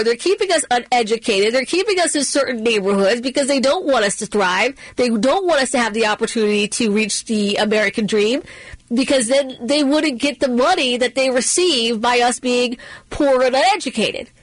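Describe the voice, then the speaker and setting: Woman, radio talk host, emphatic, higher voice, dry studio sound. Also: expressive, moderate pace, no echo, rough recording. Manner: emphatic, repeats phrases for punch. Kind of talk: political talk radio monologue.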